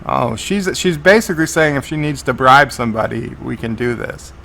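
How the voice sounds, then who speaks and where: A man talks through a TV episode as he watches it, describing each scene as it plays out. His voice is bright and forceful at an ordinary middle pitch. He often stops and restarts his sentences while he keeps up with the action. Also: expressive, normal speed, creaky, slight background noise. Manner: narrates scenes as they play, with frequent restarts. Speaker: TV episode reviewer. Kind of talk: live reaction commentary.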